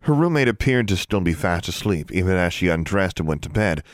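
Man, audiobook narrator, deep voice, expressive, lively intonation, dry close sound. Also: a little fast, no echo. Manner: expressive storytelling.

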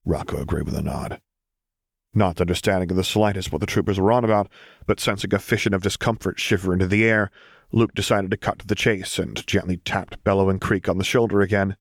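A man narrating a story in a steady, gentle audiobook reading. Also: low voice, a little fast, vocal fry, dry recording, clean studio sound.

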